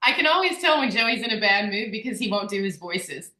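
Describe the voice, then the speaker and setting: A chatty woman hosting a group video call, her voice bright and clear. She sounds upbeat, laughs easily, and talks in an echoey room. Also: medium pitch, lively intonation, fairly quick. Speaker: workshop host.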